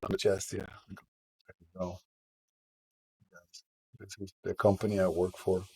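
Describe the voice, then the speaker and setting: A man with a sore, husky throat, chatting casually with viewers on a live stream while he draws, self-deprecating about his work. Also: low voice, monotone, slow pace, dark tone, poor audio.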